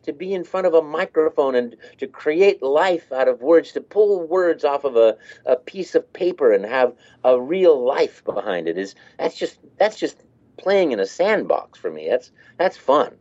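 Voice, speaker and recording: A man's voice: a little high, big pitch swings, measured pace, a little mellow, highs cut off. A man who works as a voice actor, talking casually in an interview and laughing as he demonstrates voices.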